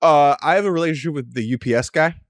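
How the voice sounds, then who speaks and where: Male podcast co-host, a bit high-pitched, loose and jokey; dry close sound. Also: fast, no echo. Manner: joking, laid-back. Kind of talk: casual podcast chat.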